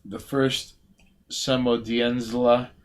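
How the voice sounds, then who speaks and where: A man co-hosting a casual late-night stream, reading facts aloud with profanity and loud outbursts. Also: medium pitch, level tone, very slow. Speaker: podcast co-host.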